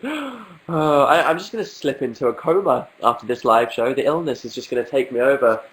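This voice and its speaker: A young man from England, stuffed up with a cold, hosts a relaxed livestream from home and answers viewer questions through a webcam mic. His humour is dry and self-mocking, and he keeps joking about how ill he is. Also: mid-range voice, a little fast, poor audio. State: has a cold, sniffling. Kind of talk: casual livestream chat.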